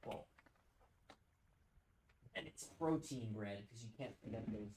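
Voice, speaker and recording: A man's voice: on the low side, takes it slowly, background noise. A man chatting casually while live-streaming a game, rambling and reading out his chat. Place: home streaming setup.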